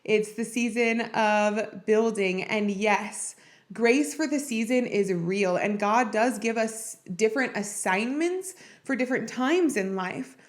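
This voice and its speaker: A woman's voice: a little high, expressive, a little slow. A woman hosting a podcast, speaking in a heartfelt, personal and encouraging way about faith and marriage. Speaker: podcast host. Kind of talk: earnest faith-based marriage talk.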